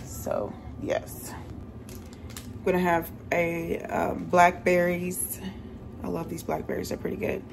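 Young mom vlogging at home, low voice, tired and chatty, noisy room behind her. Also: completely flat delivery, takes it slowly, creaky. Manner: chatty, loose, lots of "like" and laughs. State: tired, drained. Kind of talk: casual vlog chat to camera. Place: home kitchen.

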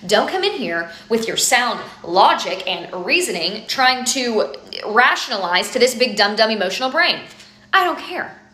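A woman's voice: fairly high pitch, lively intonation, moderate pace, hardly any pauses, pushed and bright, roomy sound. A young woman doing a comedic rant to camera, exasperated and emphatic, swearing for effect. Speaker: comedy video creator.

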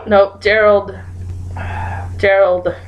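A woman talks through a guessing game in a relaxed, unhurried way, reading prompts aloud and giggling at her own guesses. Her delivery is slow, with a faint hiss in the background. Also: mid-range voice, dull audio. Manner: giggly, thinks aloud while typing guesses. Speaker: gaming YouTuber. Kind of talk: casual gameplay commentary.

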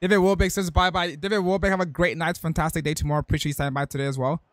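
A man's voice: on the high side, steady tone, very fast, no room sound. A young man streaming a football video game, reacting in hyped slang and reading out chat messages. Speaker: gaming streamer. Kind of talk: live-stream gameplay commentary.

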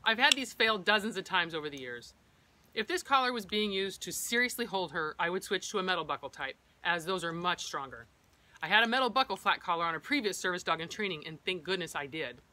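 A woman's voice: on the low side, lively intonation, a little fast, sharp tone. A middle-aged woman who trains service dogs, explaining equipment in a practical, personal vlog style. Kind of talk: instructional vlog.

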